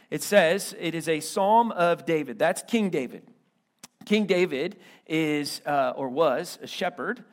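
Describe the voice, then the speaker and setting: A male pastor with a fairly high voice and a Midwestern American accent preaches a sermon, shifting between quiet passages and loud, emphatic lines.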